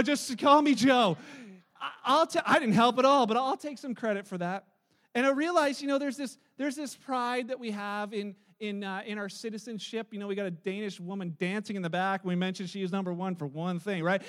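A Canadian man preaching a sermon to a live audience, joking and telling stories in an animated way. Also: very high voice. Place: church hall with live audience.

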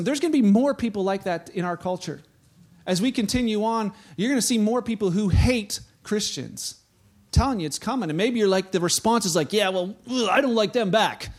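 A pastor preaching a sermon in a conversational, animated way, speaking straight to his congregation. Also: high voice.

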